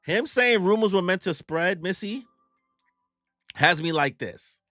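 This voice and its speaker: A man's voice: high voice, animated, measured pace, pushed and bright, no room sound, studio quality, faint music behind. A young man casually recapping a manga chapter, telling it in heavy slang and acting out the characters' lines. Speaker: YouTube manga reactor.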